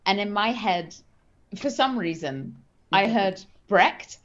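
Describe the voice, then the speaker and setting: Teasing woman with a muffled call mic. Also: medium pitch. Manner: teasing, expressive, quick to laugh. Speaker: player. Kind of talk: casual chat.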